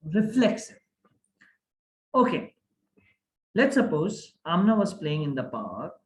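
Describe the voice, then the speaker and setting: A man whose voice is on the high side takes his time teaching grammar to an online class. Animated throughout, he checks comprehension with frequent questions, recorded in an echoey room.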